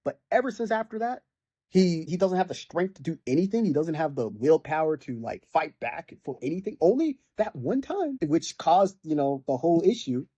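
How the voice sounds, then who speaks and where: A man's voice: a little high, expressive, normal speed, mellow, husky, dry recording. A young man ranting casually about a video game, rambling with lots of fillers and mocking the characters in exasperated bursts. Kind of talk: casual rant.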